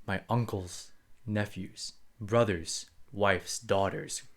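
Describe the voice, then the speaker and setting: A man voicing a Goliath who is solemnly obsessed with apples, in a halting, mumbled delivery. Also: fairly low pitch, steady tone, a bit bright, exaggerated voice. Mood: mock solemn. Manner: mumbled, halting, breaking into laughs.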